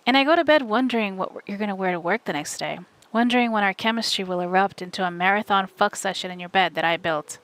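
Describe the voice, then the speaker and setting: A woman streamer reading a novel aloud live from home, in steady, wry first-person narration. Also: medium pitch, fast, few pauses, smooth.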